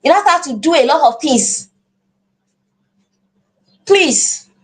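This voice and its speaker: Nigerian woman teacher, high animated voice, earnest, repeats words mid-thought. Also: fairly quick. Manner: earnest, repeats words while finding phrasing. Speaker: parenting class teacher. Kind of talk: live online class.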